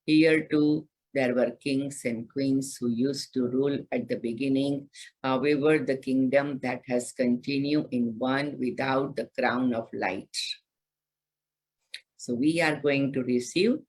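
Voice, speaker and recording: A woman speaking at a very unhurried pace, reading scripture and explaining it as a spiritual teacher. Her voice is soft and a little breathy. She talks gently, as though leading listeners through a quiet meditation. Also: very deep voice, steady tone, low-quality recording. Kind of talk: slow devotional scripture reading with commentary.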